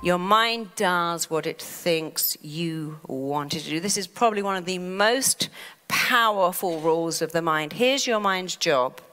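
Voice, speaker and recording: A woman therapist giving a motivational talk, lively and dramatizing inner voices. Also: on the low side, measured pace. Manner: lively, acts out inner voices in quoted asides. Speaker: therapist and self-help speaker.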